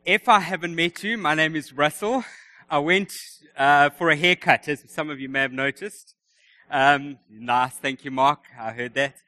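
Guy preaching, kinda high voice, jokey storyteller vibe. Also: moderate pace, pushed and bright. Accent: non-local, names misheard. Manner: chatty, joking storyteller. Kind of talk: sermon.

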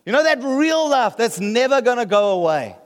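A South African pastor with an extremely high, very animated voice preaches at a moderate pace in a large hall. His sermon is conversational, with frequent checks asking the room whether they get the point.

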